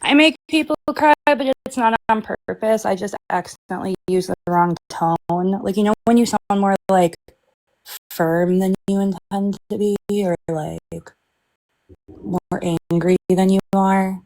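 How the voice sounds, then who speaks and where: A woman's voice: mid-range voice, unhurried, darkish tone, no echo. A woman co-hosting a live stream, chatting casually in a rambling way with lots of filler words. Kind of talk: casual chat.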